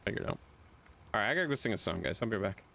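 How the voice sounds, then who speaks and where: A man streaming a game live, joking and swearing with his friends in lively banter. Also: on the low side, very fast, gravelly, a little hiss or hum. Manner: excitable, profane, joking.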